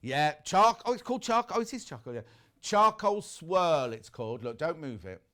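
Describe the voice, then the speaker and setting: This middle-aged man's voice is a little high and moves at normal speed. Presenting a shopping channel live from a TV studio, he keeps things lively, gossiping, chatting and reading viewer messages out loud as he sells.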